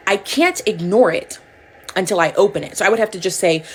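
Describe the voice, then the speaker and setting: Woman, mom and creator, low-pitched, chatty rambling vlog delivery, faint background hum. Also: fast. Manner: candid, rambling, peppered with "like". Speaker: social media creator and mother. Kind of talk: casual get-ready-with-me chat to camera. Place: at home getting ready.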